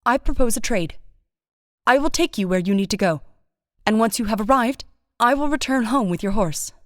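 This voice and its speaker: A stern forest witch who gives orders in short, cold sentences, as a woman narrator voices her. The voice is pitched a bit higher than usual and pushed louder. The recording is close and dry. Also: lively intonation, normal speed, dry recording, close to an everyday voice. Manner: commanding, curt. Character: proud, guarded woodland witch woman. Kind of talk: audiobook narration.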